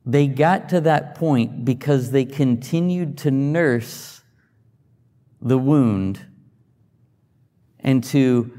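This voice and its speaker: A man's voice: mid-range voice, drawn-out words, long pauses, dark tone, in a large hall. A man giving a sermon as a pastor, teaching conversationally with rhetorical questions and restarts. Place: church sanctuary.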